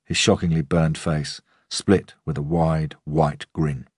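A man reading a first-person crime story as an audiobook narrator, in a measured, steady storytelling manner. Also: extremely low pitch, husky, no room sound, studio quality.

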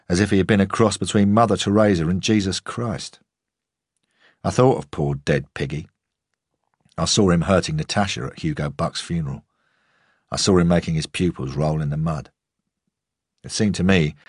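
A man narrating a first-person audiobook in a measured, understated way. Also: low-pitched, darkish tone, breathy edge, no echo, clean studio sound.

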